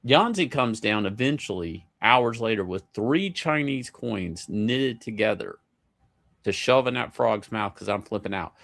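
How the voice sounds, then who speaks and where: A man telling a casual story in an animated, profane way, with many stammering restarts. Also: lowish voice, unhurried, gravelly.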